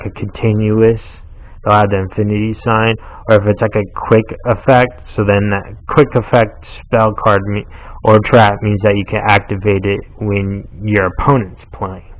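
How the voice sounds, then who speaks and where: A man's voice: on the low side, lo-fi sound. Chatty man explaining a card game. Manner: chatty, explains rules, laughs easily. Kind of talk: casual play-by-play of a card game.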